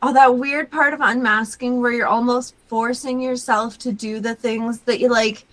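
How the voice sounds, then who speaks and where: A woman's voice: on the high side, steady tone, moderate pace, poor audio. A young adult woman hosting a podcast, talking casually and chattily with many fillers. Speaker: podcast host.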